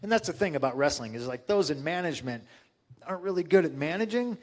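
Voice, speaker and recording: A man's voice: on the high side, quick pace. A man as an interview guest, telling stories casually with lots of swearing and fillers. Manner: profane, animated retelling with lots of fillers.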